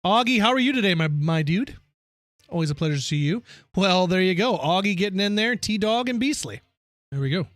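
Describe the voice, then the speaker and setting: A man's voice: high-pitched, expressive, fairly quick, fairly bright tone, no room sound. Chatty, opinionated male game streamer. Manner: chatty and opinionated, rants with slangy asides. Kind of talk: casual live-stream chat with viewers.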